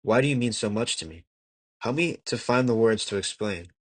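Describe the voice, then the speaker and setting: With lively intonation and a husky, fairly low voice, a young man reads an old devotional text as an amateur audiobook. He's earnest and measured but sometimes stumbles and restarts a word, and the close, dry recording has almost no room sound or echo.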